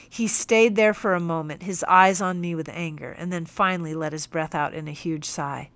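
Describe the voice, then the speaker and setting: A woman's voice: on the low side, fairly even intonation, fairly bright tone. Young woman reading an audiobook, firm. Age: young adult. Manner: measured, firm, teacherly. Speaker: audiobook narrator. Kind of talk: first-person audiobook narration.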